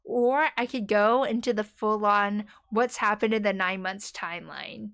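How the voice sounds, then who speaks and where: A woman's voice: medium pitch, steady tone, measured pace, fairly bright tone, smooth. A young woman streamer chatting casually with her viewers, rambling and giggling and dropping playful slang.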